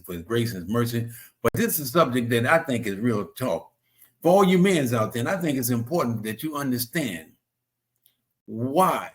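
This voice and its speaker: A man's voice: medium pitch, fairly bright tone. A man hosting a casual motivational talk, earnest and preachy, who often repeats himself. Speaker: host.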